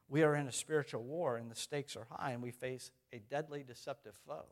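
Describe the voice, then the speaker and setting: Conversational male preacher, slightly high voice. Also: brisk, hardly any pauses. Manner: conversational, repeats phrases, asks the congregation questions. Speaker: pastor. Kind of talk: sermon.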